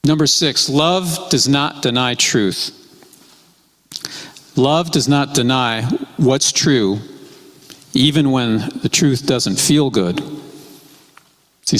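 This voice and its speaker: A man preaching a sermon in a measured way, repeating his key phrases. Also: medium pitch, a bit bright. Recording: long hall reverb.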